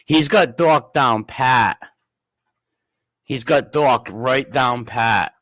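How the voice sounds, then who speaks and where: A man's voice: mid-range voice, extremely slow, a bit bright, no room sound. A man hosting a casual livestream, rambling and greeting chat viewers by name. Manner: rambling, reads chat names aloud. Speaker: livestream host.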